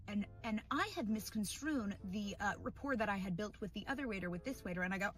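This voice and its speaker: A woman's voice: mid-range voice, expressive, quick pace, few pauses, sharp tone, soft background music. A young woman telling a funny story about herself in a dramatic, self-mocking way. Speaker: storyteller in a played clip. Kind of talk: comedic storytelling.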